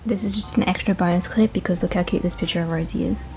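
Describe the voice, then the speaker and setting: A young woman vlogging at home, gushing excitedly through an unboxing with lots of exclamations. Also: fairly low pitch, fast talker, creaky. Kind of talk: casual unboxing vlog. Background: soft background music.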